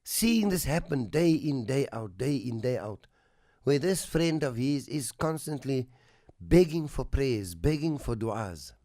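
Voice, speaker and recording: Guy hosting a radio show, slow and earnest storytelling, goes soft and hushed, dry studio sound. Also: medium pitch, lively intonation, no room sound. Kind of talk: radio talk with a moral story.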